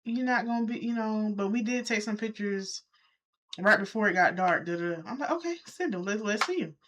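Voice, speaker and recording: A woman vlogging to her viewers in a loose, chatty storytelling way. She talks straight to the audience and her voice leaps up when she acts out what people said. Her pitch sits in a middle range. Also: fairly quick. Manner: animated, talks straight to viewers, jumps high when quoting. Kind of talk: casual storytelling to camera.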